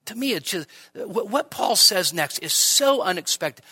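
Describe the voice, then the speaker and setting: A male pastor preaching in a bright, high voice that climbs and dips constantly. He explains his text in a chatty, animated way and keeps checking in with rhetorical questions. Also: unhurried, few pauses, breathy edge. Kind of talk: sermon. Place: church midweek service.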